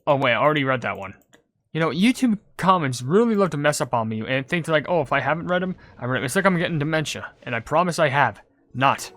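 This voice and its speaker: Guy rambling thru a gaming video, kinda high voice, tons of like and you know, gets pretty worked up. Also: quick pace. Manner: gets loud and excited over game pulls. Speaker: gaming YouTuber. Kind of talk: casual gaming commentary reading comments.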